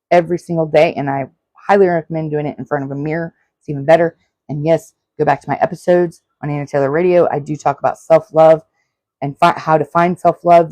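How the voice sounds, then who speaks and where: A woman's voice: sits low, a little mellow, dry recording. Earnest woman in her forties giving advice. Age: 40s. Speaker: podcast host. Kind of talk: solo self-help podcast talk.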